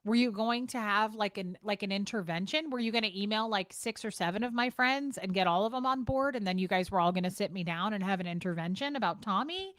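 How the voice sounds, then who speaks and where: A woman's voice: mid-range voice, fairly quick, hardly any pauses, a bit bright, no echo, studio quality. A woman vlogger ranting frankly and with exasperation, swearing and repeating herself as she talks to the camera. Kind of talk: casual talking-to-camera rant.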